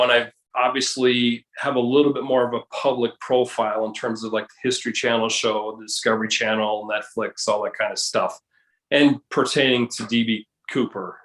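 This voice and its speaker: A man's voice: mid-range voice, fairly bright tone. Guy explaining stuff in a casual chat, lots of restarts, roomy echo. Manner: hesitant, many restarts, explanatory. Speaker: guest, case researcher.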